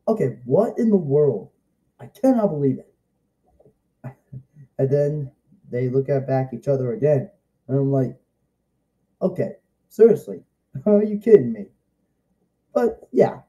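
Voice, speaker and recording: Excitable rambling young man, dark voice. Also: mid-range voice. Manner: rambling, excitable, repeats himself. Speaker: vlogger reviewing a show. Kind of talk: casual excited review vlog.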